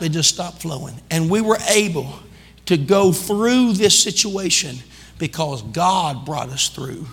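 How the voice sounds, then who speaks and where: A man preaching a sermon as pastor, calling out to the congregation and building into shouting. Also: a little high, expressive, normal speed, breathy edge, in a large hall. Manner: calls out to the congregation. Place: church sanctuary.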